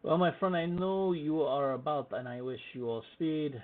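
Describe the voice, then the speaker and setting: A man's voice: fairly high pitch, normal speed, voice pushed up, natural voice. A man voicing a cheerful, evasive French butcher, reading the lines aloud with stumbles, in a mock French accent. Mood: earnest. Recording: tinny phone-like audio with faint hiss.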